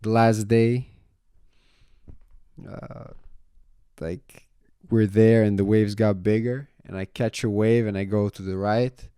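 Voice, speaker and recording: A laid-back young vlogger speaks directly to the camera in a casual storytelling monologue, his low, mellow voice smooth and clear. He takes it slowly with long pauses, swears freely, drops "man" and "you know" often, and turns loud and animated when retelling a story. The studio-quality audio has no echo.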